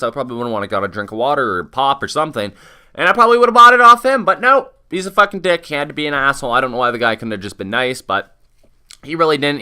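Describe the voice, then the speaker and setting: A man's voice: mid-range voice, clear, resonant tone. A young man telling a story in a casual vlog, swearing freely and acting out what was said. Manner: profane, animated retelling with many quoted asides. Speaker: vlogger.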